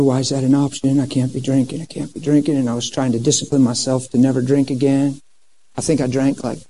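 Mellow-voiced man preaching a testimony. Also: mid-range voice, low-quality recording. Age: 50s. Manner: animated storytelling, acts out quoted dialogue. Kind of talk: sermon testimony.

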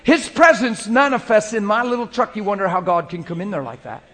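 Casual, playful male preacher, slightly high voice. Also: expressive, brisk. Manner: conversational, shifts into soft spoken prayer and playful storytelling. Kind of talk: sermon. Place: church room before a congregation.

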